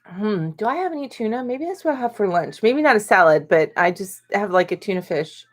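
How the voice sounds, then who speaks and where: A middle-aged woman chats casually on a live stream, reading viewer comments aloud. She fills her talk with ums and small laughs. Her voice sits at a middle pitch but swings lively up and down. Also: fairly quick. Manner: chatty and giggly, many ums, reads comments aloud. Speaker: host of a live chat stream.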